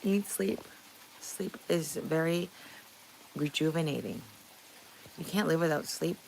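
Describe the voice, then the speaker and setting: A woman's voice: sits low, a little slow, creaky, a little mellow, slight background noise. A middle-aged woman from Canada hosting a casual livestream, chatting with viewers in a blunt way, swearing freely and laughing often. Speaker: livestream host.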